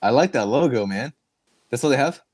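A man's voice: medium pitch, lively intonation, fairly quick, darkish tone, husky. A man co-hosting a podcast, chatting casually, laughing often and swearing as he reacts. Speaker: podcast co-host. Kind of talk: casual chat.

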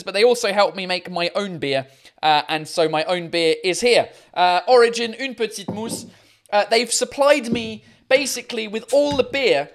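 A man's voice: high voice, fairly bright tone. A man hosting his own live stream show, chatting casually and swearing freely.

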